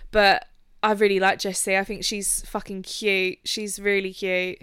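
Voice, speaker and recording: A young woman co-hosting a casual podcast, chatty and quick with asides. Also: mid-range voice, little pitch movement, fairly bright tone, smooth, no room sound, clean studio sound. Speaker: podcast co-host. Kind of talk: casual chat.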